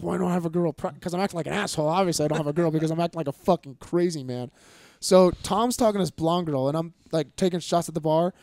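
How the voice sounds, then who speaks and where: A man in his thirties telling a profane story in casual chat, acting out the people in it and shouting some of their lines. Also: high-pitched, no room sound, clean studio sound. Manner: animated, profane storyteller acting out quotes loudly. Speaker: fighter and podcast guest.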